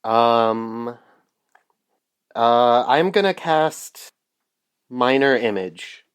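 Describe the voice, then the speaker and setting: A man's voice: mid-range voice, extremely slow, clean tone. A man playing a tabletop game, speaking hesitantly with many fillers. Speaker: player.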